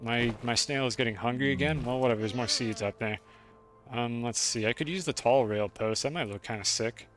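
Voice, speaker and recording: A man's voice: medium pitch, fairly quick, a bit bright, faint music behind. Chatty, profane male game streamer. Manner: chatty, profane, talks to chat. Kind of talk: casual game-stream commentary.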